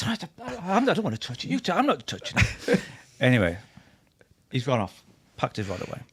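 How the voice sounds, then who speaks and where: A man with a husky voice, a podcast guest telling funny stories in a lively, laughing way, acting out what other people said. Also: medium pitch, fast talker, pauses often. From England. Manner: animated, laughing anecdotes with acted-out quotes. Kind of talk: storytelling chat.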